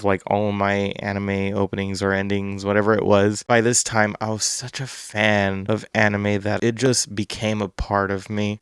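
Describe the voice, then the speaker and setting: Low, flat-voiced man reminiscing casually. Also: gravelly, clear, resonant tone, no echo, clean studio sound. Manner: rambling, nostalgic, self-correcting. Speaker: vlogger.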